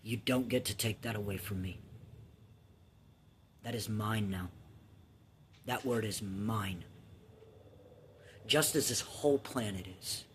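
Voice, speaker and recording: A man's voice: fairly low pitch, slow, long pauses, a bit bright, slight background noise. A man in his thirties casually telling his own life story, candid and profane, with restarts and filler ums. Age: 30s.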